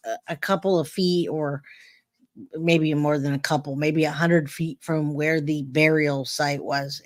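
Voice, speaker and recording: A man's voice: fairly high pitch, no room sound, clean studio sound. A man hosting a live stream, giving casual true-crime commentary and talking straight to his chat with lots of restarts. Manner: chatty, addresses chat directly, many restarts.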